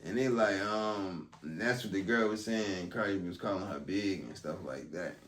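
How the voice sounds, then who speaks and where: A man with a low voice talks through events in a casual, rambling way, leaning on ums. He sits back from the mic, so the room rings around him. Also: moderate pace, a bit bright. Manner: loose and conversational, full of ums. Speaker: vlogger recapping a court trial. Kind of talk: casual commentary. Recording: roomy sound, distant from mic.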